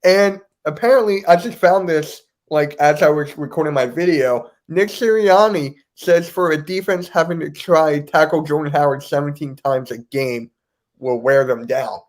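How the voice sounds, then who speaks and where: A man with a somewhat high voice chats on a sports podcast. He sounds animated and incredulous and keeps asking why things happened. His tone stays loose and casual. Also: moderate pace. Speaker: podcast host.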